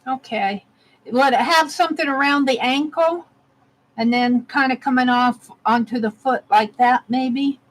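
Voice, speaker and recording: A woman's voice: sits high, measured pace, poor audio. A woman narrating casually as she carves a stamp, thinking aloud and laughing at herself. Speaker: art vlogger. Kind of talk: casual narration while crafting.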